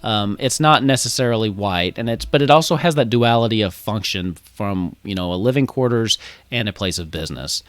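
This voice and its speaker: A man's voice: on the low side, brisk, clear, resonant tone, dry recording. A man narrating a tabletop game as game master, rambling with many ums and laughs.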